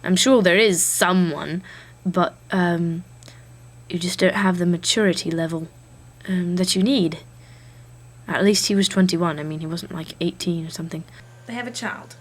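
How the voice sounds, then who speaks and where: A woman's voice: fairly low pitch, moderate pace. A woman vlogger chatting in a put-on English accent, snarky and hesitant, with lots of ums and uhs. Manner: snarky, hesitant with many fillers. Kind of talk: casual monologue.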